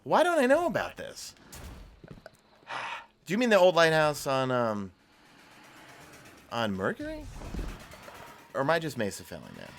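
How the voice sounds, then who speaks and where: A man's voice: fairly high pitch, huge pitch swings, a little slow, long pauses, a little hiss or hum. A man with a New York accent streaming a video game live, chatting casually and answering viewer questions while he plays. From New York City. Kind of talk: live gameplay commentary.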